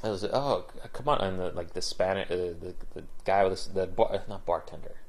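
A man's voice: sits low, little pitch movement, fairly quick. A man casually retelling a film scene from memory, rambling with lots of fillers and restarts. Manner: rambling, full of "like" and restarts, trails off quietly.

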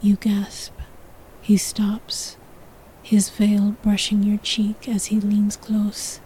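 A woman's voice: medium pitch, completely flat delivery, slow, dark tone, slight background noise, rough recording. A woman narrating a sensual story in the second person, in a whispered role-play.

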